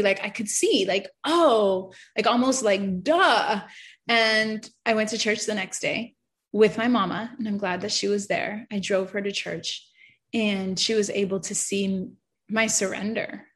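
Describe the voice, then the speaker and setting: A woman's voice: medium pitch, steady tone, moderate pace. A woman in her thirties sharing an emotional faith testimony in an earnest, heartfelt way, full of fillers.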